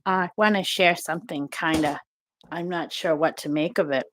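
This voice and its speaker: A woman in her fifties speaking hesitantly on a video call, pausing often with sighs and small laughs. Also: deep voice, a little hiss or hum, rough recording. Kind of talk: casual chat.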